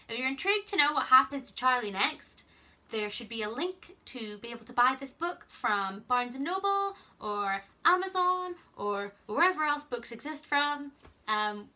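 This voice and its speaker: A young woman camp counselor reading a children's storybook aloud, gently and expressively. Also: sits high.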